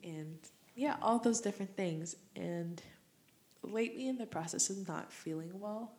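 A woman's voice: medium pitch, unhurried, darkish tone. A young adult woman hosting her own podcast, talking alone in a heartfelt, reflective and rambling way. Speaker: podcast host. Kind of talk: casual solo podcast monologue.

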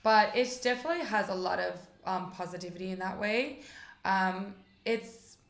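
An American woman in her forties talks in a chatty, upbeat way, full of "like" and "you know". Her mid-pitched voice has a gravelly, creaky texture. The sound is echoey, as if from a reverberant room. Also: normal speed, fairly bright tone. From United States. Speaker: interview guest, rabbi's wife. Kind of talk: casual conversational interview.

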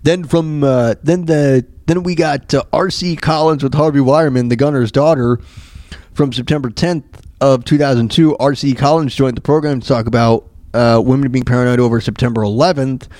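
A man's voice: medium pitch, darkish tone, no room sound. A man hosting a radio show, casually recapping old comedy bits in a rambling way, with many fillers and chuckles.

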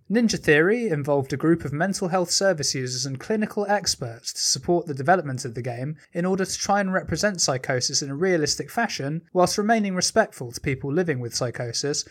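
Blunt podcast co-host. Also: male voice, a little high, expressive, a little fast, few pauses. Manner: blunt, swearing, matter-of-fact. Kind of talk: casual chat.

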